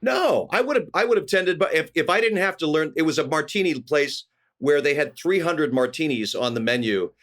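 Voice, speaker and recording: A middle-aged man from California, a guest actor telling lively anecdotes in an interview and acting out the people he quotes. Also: a little high, normal speed. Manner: animated anecdotes with voiced quotes. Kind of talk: storytelling interview.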